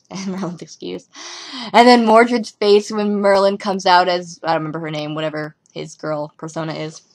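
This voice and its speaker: A woman's voice: on the low side, normal speed. Rambling young woman vlogging at home. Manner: rambling, giggly, animated asides. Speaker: vlogger reviewing a TV episode. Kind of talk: casual rambling chat.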